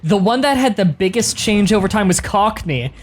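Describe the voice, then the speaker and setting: A woman's voice: medium pitch, lively intonation, moderate pace. A woman from Canada chatting casually on a gaming stream voice call, blunt and joking, swearing freely.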